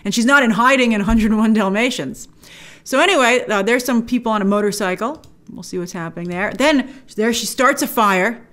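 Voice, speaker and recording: A woman's voice: a little high, fairly quick, fairly bright tone. A woman hosting a film trailer breakdown, talking in a chatty, enthusiastic way with frequent fillers and restarts. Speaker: film trailer reviewer host. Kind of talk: casual trailer reaction commentary.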